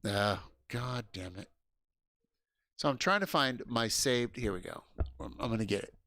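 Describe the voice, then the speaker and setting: A man hosting a casual livestream, loud and excitable, swearing and laughing often. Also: medium pitch, a little slow, no room sound. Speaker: livestream host.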